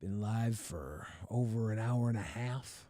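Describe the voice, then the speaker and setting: A man's voice: fairly low pitch, expressive, unhurried, dark tone, no echo, studio quality. A man hosting a livestream, chatting casually and crudely while reacting to videos, often laughing and swearing. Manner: crude, laughing, puts on silly voices. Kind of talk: casual profane chat.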